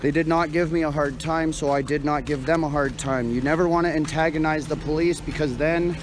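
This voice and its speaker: A man's voice: a little high, fairly even intonation, brisk. Breathless man streaming from a noisy street. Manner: rambling, with frequent fillers and restarts. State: out of breath, sighing. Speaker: live streamer. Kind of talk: casual live-stream chat. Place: outdoors on a frosty night street. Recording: street noise and passing traffic.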